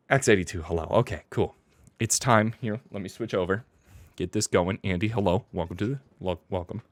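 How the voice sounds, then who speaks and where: A male streamer runs a live reaction stream, full of hyper, playful rambling, frequent laughter, and chat names read out loud. The recording is dry, and his voice sits at a medium pitch.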